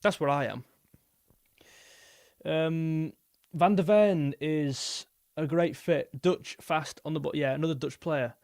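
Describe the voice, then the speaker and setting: A man's voice: fairly high pitch, slow pace, creaky, long pauses, darkish tone, no echo, studio quality. A young man hosting a live football stream, chatting casually and rambling as he reads out viewer messages. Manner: rambling, repeats himself, reads super chats aloud.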